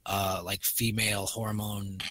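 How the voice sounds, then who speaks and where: A man's voice: lowish voice, flat delivery, unhurried, a bit bright, dry recording. A man co-hosting a podcast, chatting casually and profanely about movies, rambling with many fillers and acting out quotes. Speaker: podcast co-host.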